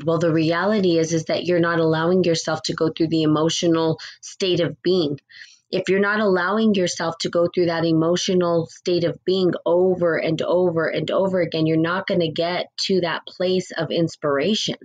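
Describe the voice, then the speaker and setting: A woman with a slightly low voice teaches spiritual ideas in a relaxed, chatty way. She reflects aloud and now and then acts out what people say. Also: moderate pace, highs cut off.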